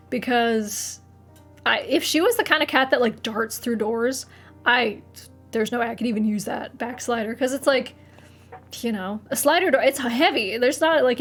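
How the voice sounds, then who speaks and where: A young woman streamer chatting casually to her live audience, rambling, swearing freely and laughing often. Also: on the high side.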